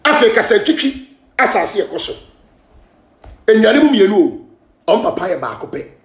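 A Ghanaian man hosting a gossip show, ranting and scolding in heated commentary, often shouting, switching between Twi and English. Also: high voice, big pitch swings, normal speed, echoey room.

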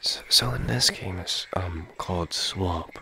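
A man's voice: sits low, measured pace, pushed and bright. A young man playing a game with friends, talking in a laid-back, rambling way. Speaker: co-player. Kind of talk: casual gaming banter.

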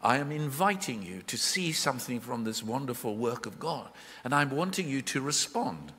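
A man preaching a live sermon in a church, expressive and full of questions to his listeners. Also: medium pitch, normal speed, slightly rough. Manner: expressive, questioning, voices the Bible figures in his retelling. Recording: hall reverb from a live church.

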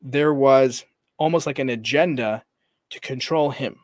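A man's voice: medium pitch, a little slow, a little mellow, no echo. A man on a podcast as guest coach, animatedly retelling a story and quoting the people in it, with many fillers and restarts. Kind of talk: conversational storytelling.

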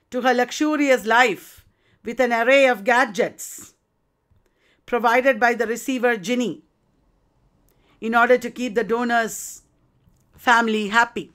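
A woman's voice: a little high, bright, forceful tone, clean tone. A woman literature lecturer explaining a play, addressing students with rhetorical questions.

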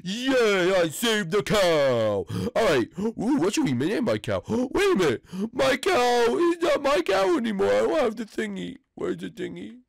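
An excitable man talks his own character through a playful game role-play, gasping and reacting in a cartoonish way. His pitch is a little high and swings all over, and the sound is close and dry. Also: a little slow, gravelly, hardly any pauses, no room sound. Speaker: gaming video creator.

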